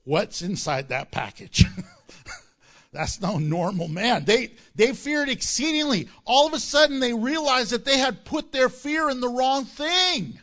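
A man's voice: very high-pitched, unhurried, pushed and bright. A man preaching a sermon, reading scripture and breaking into joking asides and acted-out quotes. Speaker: pastor.

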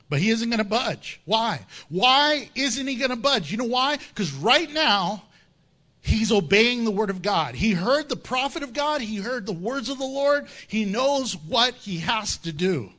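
A man's voice: very high voice, a little slow. A man preaching a sermon, telling a story with jokes and acting out the characters' lines. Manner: animated storytelling with jokes and acted-out voices. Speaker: pastor.

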